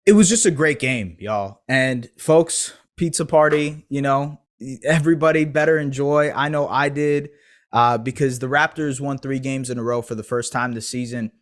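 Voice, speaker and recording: Male sports host, solo recap, casual and analytical, average pitch. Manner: fast-talking, analytical, loose and casual. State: eating pizza while talking. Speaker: basketball podcast host. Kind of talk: solo game recap commentary.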